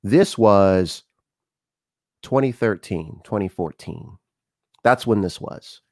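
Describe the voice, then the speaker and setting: Speaking slowly in a fairly low pitch, a middle-aged talk show host keeps things conversational, animating his anecdotes by performing the dialogue. The audio has studio quality and no room sound.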